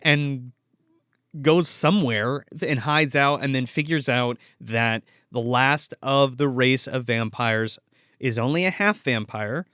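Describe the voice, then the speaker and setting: A man's voice: mid-range voice, slow pace, fairly bright tone, smooth, dry recording, studio quality. A man co-hosting a movie podcast, chatting casually about a film, laughing often and swearing freely. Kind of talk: casual movie review chat.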